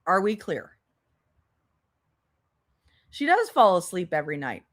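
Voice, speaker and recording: A woman's voice: on the low side, wildly swooping pitch, a little slow. A woman hosting a commentary livestream, sarcastic and exasperated, swearing as she talks to her chat. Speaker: commentary channel host.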